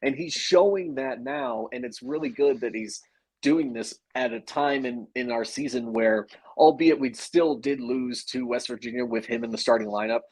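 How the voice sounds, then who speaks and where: Husky-voiced co-host, eager. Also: male voice, medium pitch, expressive, normal speed, a little mellow, poor audio. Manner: enthusiastic, laughing easily, with fillers. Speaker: sports podcast co-host. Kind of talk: casual sports podcast chat.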